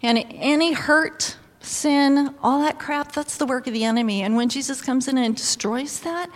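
A woman giving a sermon, telling a lively personal story with exclamations and laughter, then reading scripture. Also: high-pitched, moderate pace. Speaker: pastor's wife or preacher. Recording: long hall reverb.

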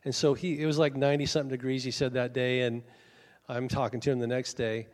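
A man's voice: medium pitch, level tone, quick pace, long reverb tail. A male pastor preaching a sermon, telling a story in a casual, conversational way.

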